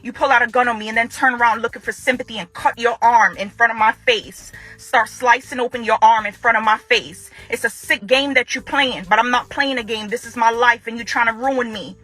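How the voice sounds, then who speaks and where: A woman's voice: on the high side, fairly even intonation, brisk, hardly any pauses, bright, forceful tone, soft background music. A woman making an angry direct-to-camera statement to her ex-husband, confrontational and repeating phrases for emphasis. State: furious. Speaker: ex-wife speaking out.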